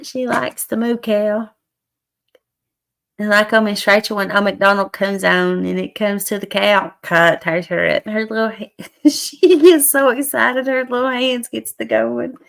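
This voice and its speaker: A hoarse middle-aged woman, hosting a casual livestream chat with viewers and laughing often. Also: medium pitch, fairly even intonation, normal speed, a bit bright. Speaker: livestream host.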